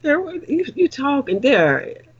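A man's voice: extremely high pitch, huge pitch swings, moderate pace, highs cut off, heavily acted. A man voicing a fussy older mother who keeps nagging her son by name. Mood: fretting. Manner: repeats son's name, scolding and fretting.

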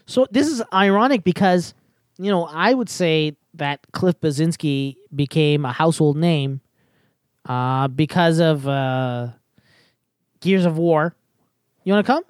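Low-voiced woman rambling on a podcast. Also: slow pace, darkish tone, no echo. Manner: rambling, with many fillers and restarts. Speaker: podcast host. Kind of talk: casual podcast chat.

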